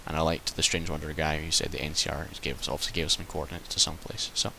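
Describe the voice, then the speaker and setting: A man's voice: very deep voice, little pitch movement, quick pace, gravelly, bright, forceful tone, a little hiss or hum, rough recording. A man giving rambling, chatty commentary while playing a game, swearing and joking as he goes. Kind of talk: let's play commentary.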